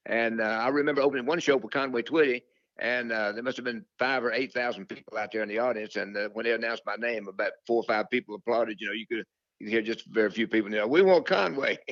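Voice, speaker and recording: Older male guest, storyteller, lots of "uh" and restarts; low voice, lo-fi dry recording. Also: steady tone, quick pace, a bit bright, dry recording. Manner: rambling, many fillers and restarts, quotes his own thoughts. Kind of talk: casual storytelling interview. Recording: dull lo-fi dry sound.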